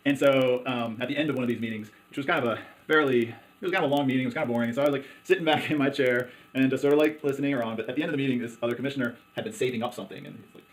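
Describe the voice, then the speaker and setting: A man, a local commissioner, talking in a conversational interview, halting often with fillers and restarts. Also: medium pitch, low-quality recording. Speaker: hospital district commissioner.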